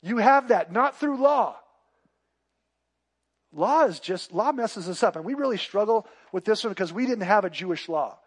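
A man, a pastor, preaching a sermon, moving between quiet, intimate passages and loud, emphatic declarations. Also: high voice, animated, normal speed, slightly rough.

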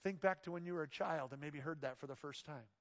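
High-pitched man preaching in a hall. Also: fast. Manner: swings from loud emphatic lines to hushed soft ones. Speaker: pastor. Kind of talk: sermon.

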